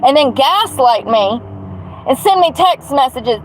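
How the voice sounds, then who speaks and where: A woman's voice: high-pitched, very animated, measured pace, slight background noise, rough recording. A woman venting bluntly on a livestream, swearing as she rants. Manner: angry, blunt, swearing rant. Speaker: vlogger.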